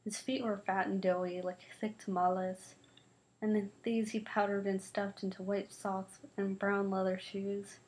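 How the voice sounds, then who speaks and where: Woman reading a story out loud, lively, changes voices for the kids. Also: mid-range voice, unhurried, poor audio. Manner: lively, shifts voices for the children's quarrel. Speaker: reader. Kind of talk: reading a novel aloud.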